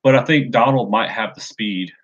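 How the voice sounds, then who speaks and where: A man's voice: medium pitch, moderate pace, fairly bright tone. A man co-hosting a casual live stream, joking and rambling in easy banter. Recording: dull lo-fi stream audio.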